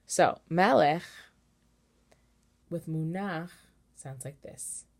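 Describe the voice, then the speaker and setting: A woman cantor giving a relaxed, patient lesson on chanting, explaining step by step and singing short chanted examples. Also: low voice, very slow. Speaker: cantor teaching Torah chanting. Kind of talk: informal online lesson with sung examples.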